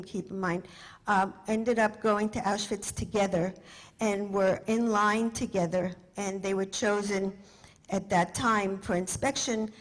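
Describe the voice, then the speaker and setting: A woman in her seventies, from France, telling her family's story to an audience with animated emphasis. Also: mid-range voice, poor audio.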